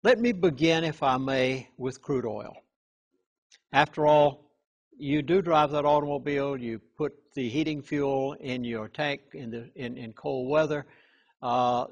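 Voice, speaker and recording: In an interview, a man with a medium-pitched voice speaks as a chaplain, earnest and hitting key words hard. His speech includes halting restarts.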